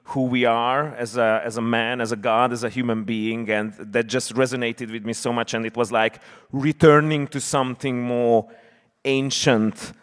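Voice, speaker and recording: A man's voice: mid-range voice, steady tone, normal speed, smooth. A man interviewing a guest on a convention stage, talking earnestly and effusively. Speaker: panel interviewer. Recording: reverb of a large hall.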